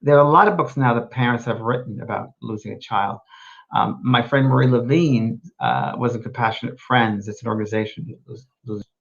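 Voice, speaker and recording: A man speaking at a middle pitch, gentle and reassuring as he rambles through answers to viewers. The sound is dull and lo-fi, like a home stream. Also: fairly quick, creaky. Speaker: host and medium. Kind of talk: casual live show answering viewer questions.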